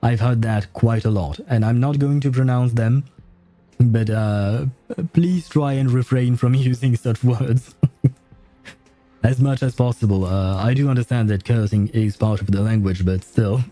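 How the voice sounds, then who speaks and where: A man's voice: mid-range voice, measured pace, mellow, soft background music. A young man, chatting casually to his stream audience while he plays. He is hesitant, with lots of filler sounds and chuckles. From France. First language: French. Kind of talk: casual gameplay commentary.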